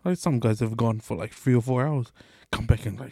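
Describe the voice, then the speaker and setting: A man's voice: medium pitch, a little fast, mellow, slightly rough, dry recording, studio quality. A man co-hosting a podcast, telling workplace stories in casual chat and swearing freely. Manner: swears freely, tells stories acting out quotes. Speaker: podcast co-host.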